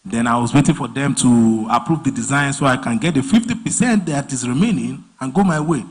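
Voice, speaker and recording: A husky-voiced man teaches design in a loose, live-class way. He jumps into stories and acts out the people in them with lively swings of pitch. His pitch sits at an ordinary middle height for a man. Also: a little fast. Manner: animated storyteller, voices clients and bosses mid-story. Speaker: design trainer. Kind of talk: casual live training talk with acted-out anecdotes.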